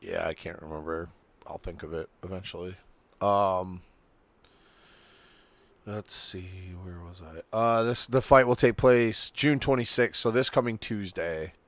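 A man co-hosting a casual fight-talk podcast, his voice going hoarse, loose and profane, stumbling over names. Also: deep voice, unhurried, no echo. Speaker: podcast co-host. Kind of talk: casual chat.

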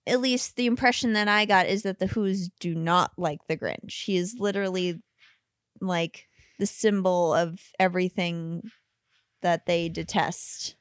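A woman's voice: lowish voice, a little slow, no room sound. A woman co-hosting a podcast in casual chat, with wry, dry humor and some cursing. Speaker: podcast co-host.

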